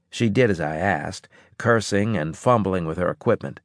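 A man reading a first-person science fiction audiobook in a gruff, clipped way. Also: low-pitched, moderate pace, no room sound, studio quality. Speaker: audiobook narrator.

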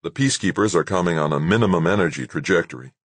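A man's voice: deep voice, quick pace, no echo. A man voicing a tense male base commander who gives firm, clipped replies in an audiobook. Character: tense male moonbase chief.

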